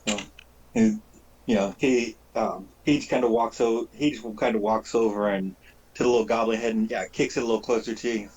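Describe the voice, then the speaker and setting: A man narrating a tabletop game as game master, casual and halting, with frequent fillers and restarts. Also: fairly low pitch, fairly even intonation, darkish tone, slight background noise, low-quality recording.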